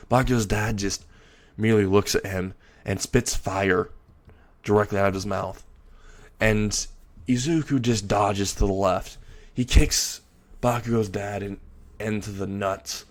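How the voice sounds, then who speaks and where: A man casually improvising a dark fan story narration with blunt, crude wording. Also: fairly low pitch.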